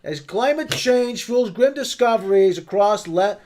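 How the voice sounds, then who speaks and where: A man's voice: sits high, animated, measured pace, darkish tone, a little hiss or hum, pitched above the performer's own voice. A man putting on a cagey middle-aged character, tough-guy patter ending lines with "all right?". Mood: gruff, evasive.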